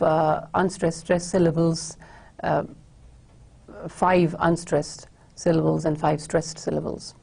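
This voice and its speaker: A woman teacher giving a measured lecture explaining a poem, often pausing and restarting. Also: deep voice, gravelly, mellow, breathy edge. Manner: measured, with frequent hesitations and restarts.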